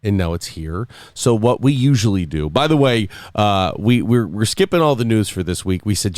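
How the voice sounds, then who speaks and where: Low-voiced man hosting a podcast. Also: lively intonation, normal speed, hardly any pauses, a little mellow, no room sound, clean studio sound. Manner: rambling, filler-heavy, jokey. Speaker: podcast host and sound engineer. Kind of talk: casual podcast chat.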